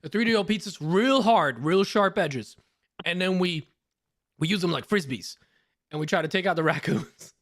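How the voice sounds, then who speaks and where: A man's voice: sits high, moderate pace, a bit bright. A man co-hosting a podcast in casual banter, joking and laughing often. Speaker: podcast co-host.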